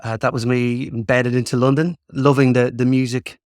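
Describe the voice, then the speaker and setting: A man's voice: mid-range voice, little pitch movement, normal speed, darkish tone, no echo, studio quality. Irish man telling stories with ums. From Ireland. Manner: chatty storyteller with frequent ums and restarts. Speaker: guest. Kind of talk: casual interview chat.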